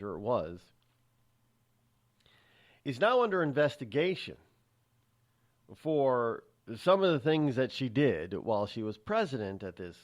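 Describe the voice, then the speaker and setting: A man hosting a talk radio show, delivering a sarcastic, rambling opinion monologue with frequent restarts and repeated words. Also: medium pitch.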